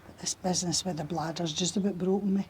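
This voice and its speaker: A woman's voice: fairly low pitch, steady tone, fast, darkish tone, slight background noise, close to an everyday voice. An actress playing a melodramatic middle-aged neighbour who dwells on her ailments. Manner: self-pitying, theatrical.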